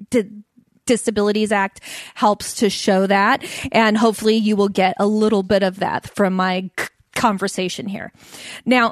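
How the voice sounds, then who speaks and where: A woman's voice: on the high side, no echo, studio quality. A woman, giving a playful comedic talk to an audience, speaking with a stutter and laughing often. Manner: stutters, with repeated sounds and blocks. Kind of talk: stand-up style talk to a live audience.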